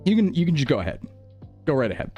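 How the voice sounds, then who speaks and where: A man's voice: fairly high pitch, sing-song, quick pace, muffled recording, soft background music. A man streaming, chatting casually with his viewers and laughing often. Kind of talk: casual chat reading chat.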